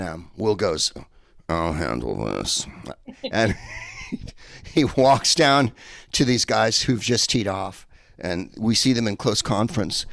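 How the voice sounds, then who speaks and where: A stand-up comic from San Francisco rambles through a set from home, his voice sitting a little low. He talks into an earpiece headset with lots of ums and restarts. The sound is dry and close. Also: no room sound. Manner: rambling, digressive delivery with many fillers. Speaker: stand-up comedian. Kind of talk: stand-up set over a video call.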